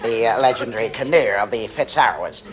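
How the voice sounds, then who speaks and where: A fussy museum guide , as an actor plays him, stumbling with ums and pitch swinging widely. He sounds mid-pitched and hesitant. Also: animated, fast talker, a crowd in the background, lightly acted. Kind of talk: TV comedy sketch.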